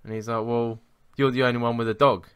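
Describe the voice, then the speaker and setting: A man's voice: mid-range voice, level tone, quick pace, a bit bright, smooth, dry recording, clean studio sound. A man co-hosting a podcast, telling a rambling work story in casual chat, swearing and laughing as he goes. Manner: rambling, swearing, laughs at his own stories. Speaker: podcast co-host.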